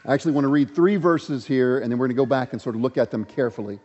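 A man's voice: mid-range voice, racing, a little mellow. A man preaching a sermon, earnest and emphatic, building points through repeated rhetorical questions. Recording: dull lo-fi audio with long hall reverb.

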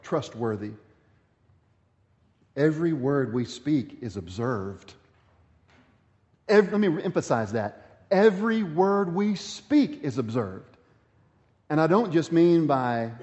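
A man's voice: mid-range voice, a little mellow, muffled recording. Man preaching in a reverberant hall. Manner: preaching with emphatic repetition, reading scripture aloud. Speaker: pastor. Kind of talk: sermon.

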